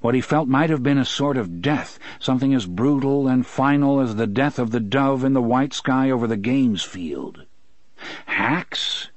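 A man's voice: medium pitch, moderate pace, few pauses, darkish tone, dry recording. A man narrating a story in scripted audiobook style, shifting his voice for characters.

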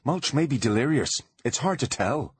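Feisty young woman, high and lively, put on by a husky-voiced male narrator; storybook audiobook, dry close sound. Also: normal speed, dry recording. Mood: urgent.

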